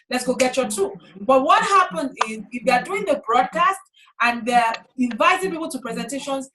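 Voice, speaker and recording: Lively high-voiced woman leading a team call. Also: slight background noise, low-quality recording. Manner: lively, animated, repeats rallying phrases. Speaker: team leader running a sales training call. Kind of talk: motivational team call on video chat. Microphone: video call.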